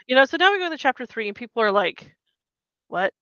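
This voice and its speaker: A woman's voice: high voice, rapid-fire, smooth, no echo. A woman co-hosting a podcast, chatting casually through a recap and acting out the characters' lines with some swearing. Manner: animated, acts out quotes, swears casually. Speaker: podcast co-host. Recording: dull muffled mic.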